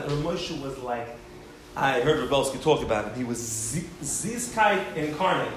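A man teaching a Torah class, telling stories in an animated way and acting out the voices he quotes. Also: mid-range voice, moderate pace. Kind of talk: Torah lecture with storytelling. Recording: very echoey room, faint background hiss.

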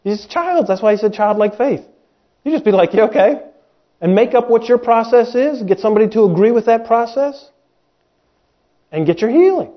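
A man with a high, light voice preaches in a folksy, animated style, bouncing between plain talk and quick mimicked voices of doubters. The audio is dull and lo-fi, like a home podcast recording. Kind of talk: sermon.

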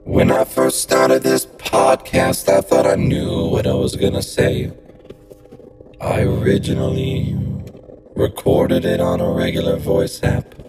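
A man talks through a voice changer app in a rambling, profane, half-sung podcast bit. The processed voice is gravelly and leaps all over the place while he drags the words out slowly. Loud music plays under him, and he is recording on a phone. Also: low-pitched, lively intonation. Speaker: podcast host. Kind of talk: half-sung comic monologue.

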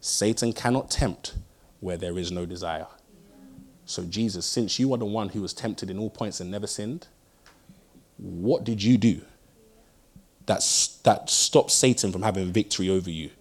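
A young pastor delivers a sermon with lively storytelling, his low voice swinging from loud bursts to quiet, hushed lines to drive his points home. He speaks at a moderate pace with long pauses.

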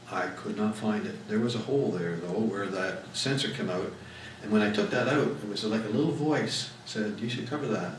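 A pastor with a lowish voice preaches a sermon, telling personal stories in a folksy way and rising emphatically on key words. He's miked from far off in an echoey room, with slight background noise.

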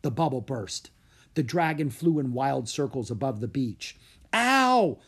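A man narrating a children's story in an animated storybook way. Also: medium pitch, moderate pace, husky.

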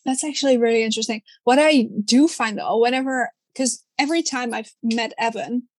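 A young woman who is not a native English speaker, chatting in an animated way with lots of fillers and casual swearing. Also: a little high, fairly quick, no room sound. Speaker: conversation partner. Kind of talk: casual chat.

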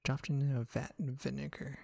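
Male guest, excitable and loose, swears casually, dry close recording. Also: mid-range voice, a little fast, creaky, no echo. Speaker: podcast guest. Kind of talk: casual gaming chat.

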